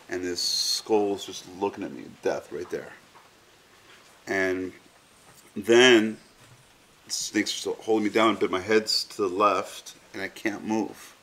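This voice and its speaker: A man's voice: low voice, fairly bright tone, slight background noise. A man in an interview recounting a personal experience frankly, swearing freely and telling it vividly. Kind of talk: candid storytelling in an interview.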